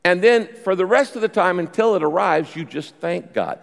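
A man preaching to a congregation, his voice sitting a little high and swinging widely in pitch as he works the room. He acts out the quotes and lets key phrases slow down for weight. His voice carries the long reverb of a large hall. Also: creaky. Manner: animated preaching with quick pace changes and voiced quotes. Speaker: pastor. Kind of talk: sermon.

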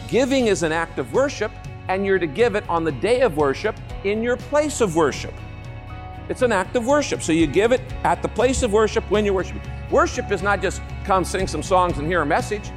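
A man preaching a sermon as pastor, emphatic and animated, with playful asides to the congregation. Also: sits high, moderate pace, in a large hall, soft background music.

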